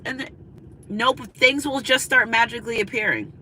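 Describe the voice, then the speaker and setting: Chatty woman tarot reader, bright voice. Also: fairly high pitch, fairly even intonation, normal speed, slight background noise, low-quality recording. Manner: chatty, confiding, repeats "you know what I'm saying". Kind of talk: spiritual reading monologue. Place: in a car.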